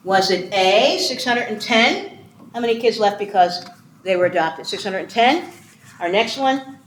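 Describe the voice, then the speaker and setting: A woman in her sixties from Ohio giving an animated, humorous keynote talk on adoption and quizzing her audience. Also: mid-range voice. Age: 60s. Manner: animated, chatty, self-deprecating humor. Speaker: conference speaker on foster care and adoption. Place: conference hall. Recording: echoey room with faint noise.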